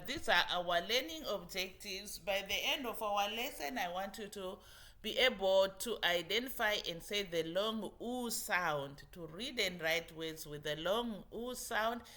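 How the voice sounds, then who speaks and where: A woman's voice: on the low side, sharp tone. A woman teaching a children's phonics lesson, talking patiently and drawing out model sounds. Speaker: English teacher.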